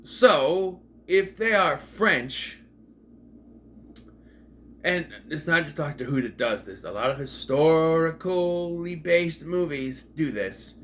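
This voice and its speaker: A man's voice: a little high, animated, takes it slowly, a bit bright, a little hiss or hum. A man giving a casual, rambling retrospective of a TV episode at home, with jokey asides. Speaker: video reviewer.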